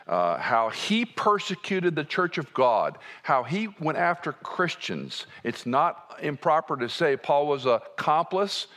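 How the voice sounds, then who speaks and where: A man preaching a sermon in a conversational way, dropping to soft asides and rising to emphatic points. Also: on the low side. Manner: conversational, wide swings between soft and emphatic.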